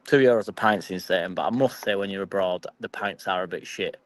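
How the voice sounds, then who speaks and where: A man's voice: low voice, a little fast, slight background noise, poor audio. A young man with a Yorkshire accent chatting casually and swearing freely as he reads and answers his live stream chat. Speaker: football fan vlogger.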